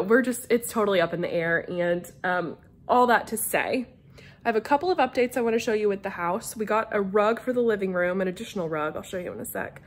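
Chatty, scattered young woman vlogger. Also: a little high. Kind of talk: casual vlog chat. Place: home living room couch.

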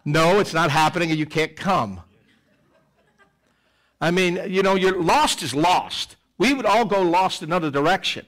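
A middle-aged man preaching a sermon in church, animated, swinging between loud emphasis and quiet asides. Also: high voice, unhurried. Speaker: pastor. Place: church sanctuary.

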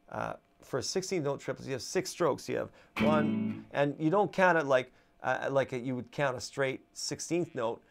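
Casual guitar teacher counting beats. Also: male voice, on the high side, creaky. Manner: counts beats aloud while strumming, chatty with fillers. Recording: guitar playing loud behind voice. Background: acoustic guitar strumming.

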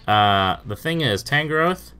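A man's voice: medium pitch, animated, slow pace, bright, forceful tone, clean tone, soft background music. Young man cursing through his gameplay. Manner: swears often, stammers in bursts, exclaims in disbelief. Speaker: gaming YouTuber. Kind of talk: casual live commentary over gameplay.

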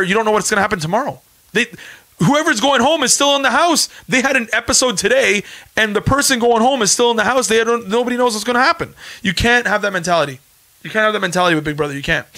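A man's voice: sits high, quick pace, bright, forceful tone. A Canadian man in his thirties hosting a casual livestream podcast, talking emphatically, repeating his points and reading viewer comments. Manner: emphatic, repeats himself, insistent. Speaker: podcast host and former reality show contestant.

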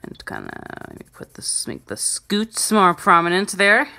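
A woman's voice: medium pitch, wildly swooping pitch, normal speed, creaky, bright, forceful tone. A woman hosting a drawing channel, giving a casual, chatty and self-deprecating drawing tutorial.

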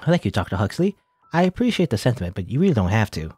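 A man reading the lines of a polite, tired young girl in a game, quietly and subdued. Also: lowish voice, sing-song, quick pace, breathy edge, no echo, faint music behind.

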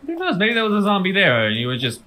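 A man's voice: sits high, very animated, fast talker, sharp tone, slight background noise. A man joking and teasing in casual commentary while watching a friend play a game.

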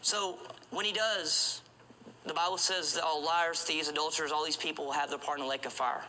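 A man's voice: a little high, steady tone, brisk, sharp tone, slight background noise, low-quality recording. A man preaching an evangelistic sermon, urgent and repetitive, asking rhetorical questions and often restarting his phrases.

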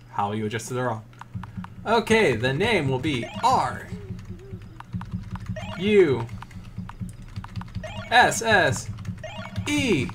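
A man's voice: fairly high pitch, noisy background. A man doing jokey let's play commentary who rambles and talks to himself. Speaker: gamer.

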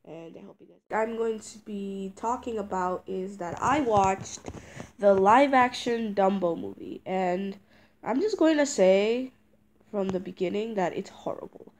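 A woman's voice: medium pitch, a little slow, a little mellow, slight background noise. Congested teenage girl ranting. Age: teens. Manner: rambling, with many fillers and restarts; indignant ranting. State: congested from a cold. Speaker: vlogger. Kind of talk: casual talking-head review.

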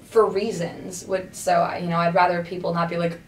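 Texan woman, voice actor, lively and chatty, slightly low voice, recorded from a distance in an echoey room. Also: brisk. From Texas. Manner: chatty, animated, laughs often. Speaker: voice actor guest. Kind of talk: casual convention interview. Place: busy convention venue. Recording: echoey room, far from the mic, faint noise.

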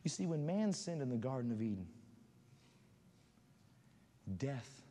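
A man preaching a sermon as a guest speaker, building up to loud fervent shouting. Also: medium pitch, animated, a little fast. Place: church sanctuary. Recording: church hall reverb.

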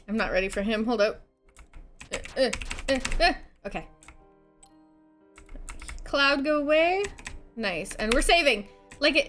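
A woman live-streaming a video game, chatting casually, giggling and thanking her viewers. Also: high voice. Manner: giggly, animated, talks to herself and thanks chat.

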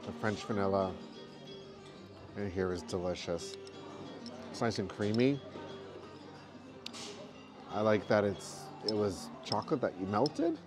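A man in a casual travel vlog, chatting in a relaxed way while reviewing food and giving park tips. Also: fairly low pitch, unhurried, long pauses, over music. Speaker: travel vlogger. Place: theme park restaurant, then hotel.

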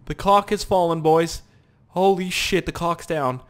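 A young man giving casual, profane gameplay commentary with sudden loud outbursts. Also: fairly high pitch, lively intonation, unhurried.

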